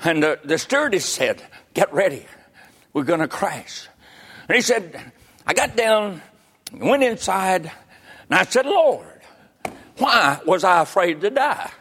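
An older man delivering a sermon with a high, bright voice. He preaches fervently, climbing to ringing shouts and then dropping to hushed, confiding asides. His tone stays sharp and forward even when he speaks softly. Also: measured pace, long pauses, husky. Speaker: pastor.

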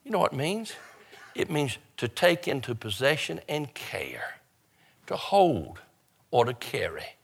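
An older man, preaching a funeral sermon as a pastor, his delivery swelling up and dropping quietly. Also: mid-range voice, huge pitch swings, a little slow, gravelly, slightly rough.

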